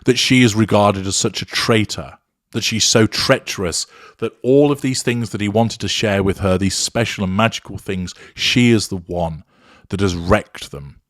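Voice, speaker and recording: A man with a very deep voice delivers measured, clinical commentary, breaking down a recording point by point with deliberate emphasis. The sound is close and dry, with no room around it. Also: no room sound. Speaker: narcissism commentator.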